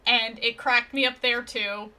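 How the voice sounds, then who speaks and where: A woman's voice: fairly high pitch, fairly even intonation, bright, forceful tone. A woman co-hosting a podcast, chatting casually and playfully about a movie. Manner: enthusiastic, quick to agree, playful. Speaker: podcast co-host. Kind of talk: casual film review chat.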